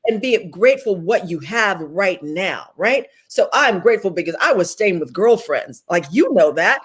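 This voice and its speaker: A woman with a slightly husky voice gives an inspirational testimony as an interview guest. She talks fervently, like a preacher, and hammers her points home by repeating phrases. She is heard over a video call. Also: medium pitch, expressive, normal speed. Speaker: guest author and speaker.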